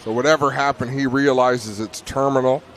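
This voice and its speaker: A man's voice: medium pitch, steady tone, moderate pace, slight background noise. A man calling a race live at an outdoor speedway, explaining the cars in easygoing, joking banter with his co-host. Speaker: race commentator.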